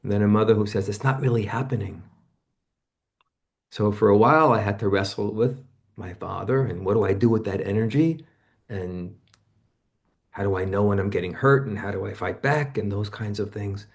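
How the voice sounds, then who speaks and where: A man in his seventies, a guest in an interview, recounting personal experiences in a reflective, conversational way. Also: normal speed. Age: 70s. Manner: personal storytelling, acts out remembered voices with sudden jumps in pitch.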